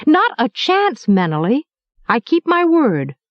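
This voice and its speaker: A woman puts on a cheeky young apprentice boy, pitched up high and wheedling, full of hungry eagerness. His voice swings about with lots of lively rise and fall, heard dry and close on a dull, lo-fi recording. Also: a little slow, no echo, heavily acted. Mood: eager.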